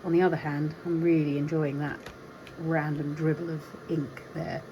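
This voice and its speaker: A woman hosting a craft tutorial, chatting casually and thinking aloud as she works, even talking to her supplies. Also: sits low, moderate pace, background noise. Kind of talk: casual demonstration while crafting.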